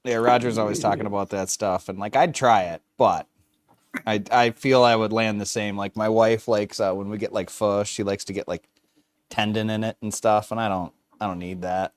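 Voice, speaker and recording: A man's voice: lowish voice, fairly even intonation, normal speed, no echo. A man in a casual chat, explaining details and asking eager questions.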